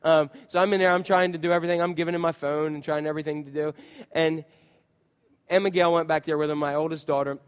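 Male pastor, thirties, high voice, chatty storytelling sermon style. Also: flat delivery, fast talker, clear, resonant tone, big-room sound. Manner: conversational, storytelling with voiced quotes. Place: church.

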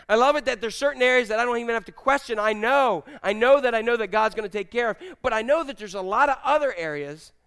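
A man's voice: high voice, fairly bright tone, smooth. A male pastor preaching a sermon in a conversational, jokey storytelling manner.

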